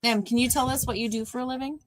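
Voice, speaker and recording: A woman's voice: on the high side, fairly even intonation, quick pace, a little hiss or hum. A woman co-hosting a livestreamed movie watch party, chatting casually, laughing often and trailing off mid-sentence. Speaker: livestream co-host.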